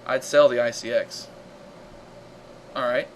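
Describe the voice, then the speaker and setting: A man hosting a live game stream, chatting casually and reacting loudly to the action while reading viewer comments aloud. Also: mid-range voice, steady tone, measured pace, a little hiss or hum, low-quality recording.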